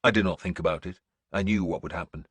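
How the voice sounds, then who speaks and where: A man narrates a historical battle epic in the first person, in a grave, measured delivery. His low voice has a husky grain, and the recording is close and dry. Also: fairly bright tone, dry recording. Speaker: audiobook narrator.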